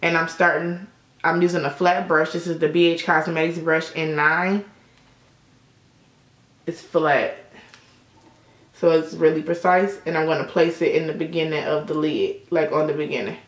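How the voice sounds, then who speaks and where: A woman's voice: low-pitched, flat delivery, moderate pace, long pauses. Chatty young woman, echoey room. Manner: chatty storytelling with frequent swearing. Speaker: beauty vlogger. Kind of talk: casual makeup tutorial chat. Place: indoor room at sunset.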